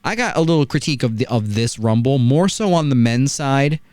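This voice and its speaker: A wrestling podcast host talks a little fast in a relaxed review chat, his pitch bouncing in a lively way. Storytelling drives his account of the action, broken up by frequent rhetorical check-ins. Close to the mic, his voice comes across dry, with minimal room sound and no echo.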